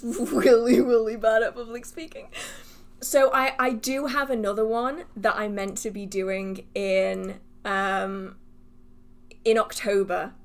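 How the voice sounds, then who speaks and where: A woman hosting a livestream Q&A, chatting casually with viewers, laughing often and restarting her sentences as she rambles in a self-deprecating way. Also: on the high side. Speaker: livestream host answering viewer questions.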